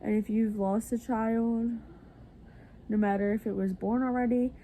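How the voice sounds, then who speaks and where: Tired, gravelly-voiced woman vlogger, earnest. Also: on the high side, fairly even intonation, measured pace, warm tone, a little hiss or hum. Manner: earnest, confiding. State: tired and congested. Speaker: family vlogger. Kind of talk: casual personal talk to camera.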